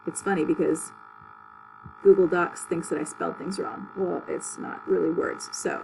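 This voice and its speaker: A woman teaching a public speaking class, walking students through articulation drills with clear, exaggerated syllables and plain instructions. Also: fairly low pitch, steady tone, moderate pace, a little mellow, faint music behind, rough recording.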